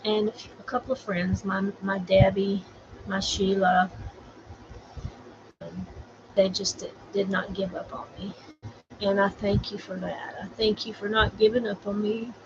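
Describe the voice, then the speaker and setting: A woman's voice: mid-range voice, flat delivery, unhurried. A middle-aged woman from Florida, earnestly talking about grief and encouraging viewers on a casual livestream. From Florida, USA. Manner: earnest, rambling, preachy encouragement. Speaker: vlogger sharing grief. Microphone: borrowed camera, livestream. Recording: slightly dull livestream audio with faint noise.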